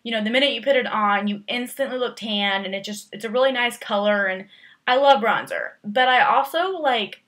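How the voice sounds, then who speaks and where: Bright, chatty young woman vlogger. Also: fairly high pitch, normal speed. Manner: chatty, rambling, filler-heavy with lots of "like"; playful, exaggerated emphasis. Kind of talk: casual chat answering tag questions.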